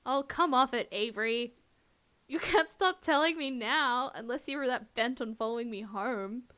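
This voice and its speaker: A woman's voice: on the high side, normal speed, a bit bright, smooth, natural voice. Woman reading as a smug cocky cat-man. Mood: smug teasing. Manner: teasing, self-satisfied.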